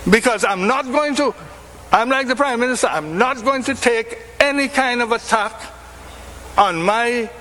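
A man's voice: high-pitched, pushed and bright, slight background noise. An older man making a defiant, emphatic public reply to an insult. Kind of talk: combative public statement.

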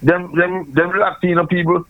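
A man argues on a talk radio line, stumbling and repeating his words. His voice is high-pitched and gravelly. The sound is muffled and lo-fi like old radio. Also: steady tone, normal speed, no echo. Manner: stammering, repeats words, argumentative. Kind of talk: heated political talk radio.

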